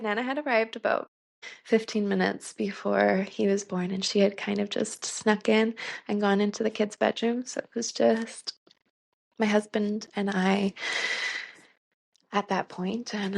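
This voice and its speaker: A woman's voice: medium pitch, creaky. A woman in her thirties telling a personal story in a podcast interview, earnest, with many "like" fillers and frequent laughs. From Canada. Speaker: guest.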